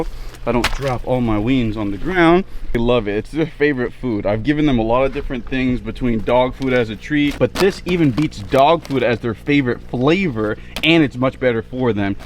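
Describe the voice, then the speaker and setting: A man vlogging casually outdoors by his backyard pond, filming on a cell phone and chatting excitedly to the camera and to his fish. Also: mid-range voice, a little hiss or hum. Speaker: fishing and fish-keeping vlogger. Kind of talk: casual outdoor vlog narration.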